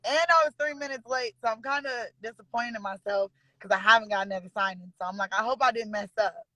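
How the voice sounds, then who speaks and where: Bright, chatty woman on a video call. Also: fairly high pitch, fast talker, poor audio. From Sacramento, California. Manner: chatty and giggly, retells scenes with quoted dialogue. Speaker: caller and student signing agent. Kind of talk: casual chat on a video call.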